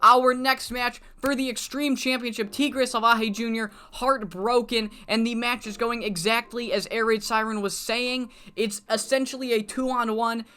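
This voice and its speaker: Bright-voiced woman recapping a game. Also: a little high, measured pace, few pauses, clean tone. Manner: casual, swearing, lively retelling. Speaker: game series host. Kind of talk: casual story recap of a wrestling sim save.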